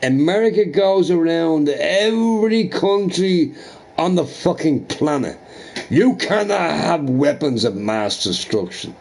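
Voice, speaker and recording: A man chatting casually while streaming a game, rambling and swearing through animated rants and asking "right?" often. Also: fairly high pitch, slow pace, creaky. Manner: profane, ranting, animated opinions with frequent "right?".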